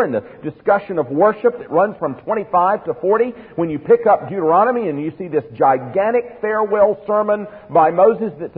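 A man with a slightly high, husky voice preaches with earnest emphasis and keeps putting questions to his listeners. His voice comes through a narrow, phone-like broadcast sound. A long reverb hangs behind each phrase, as in a large hall. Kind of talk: sermon.

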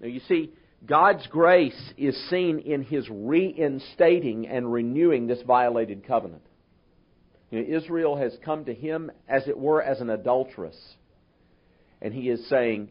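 A man preaching a sermon in an earnest, emphatic way, slowing down to stress key words. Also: mid-range voice. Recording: muffled, lo-fi sermon recording.

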